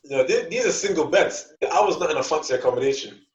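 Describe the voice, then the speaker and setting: A man's voice: on the high side, expressive, fast talker. Young man telling a rambling story, echoey. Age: young adult. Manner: rambling, repeats words, acts out dialogue. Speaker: podcast co-host. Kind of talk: casual storytelling chat. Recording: echoey, distant, dull lo-fi mic.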